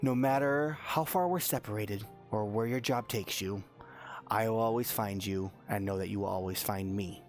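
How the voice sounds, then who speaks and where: A man's voice: fairly low pitch, normal speed, soft background music, natural voice. A man voicing a devoted, centuries-old woman bride who speaks tender, earnest vows in a tabletop role-play.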